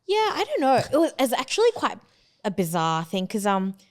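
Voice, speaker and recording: A woman's voice: mid-range voice, wildly swooping pitch, a little fast. A woman in her twenties from Hong Kong, a podcast guest telling her story in a casual, hesitant way with lots of fillers and restarts.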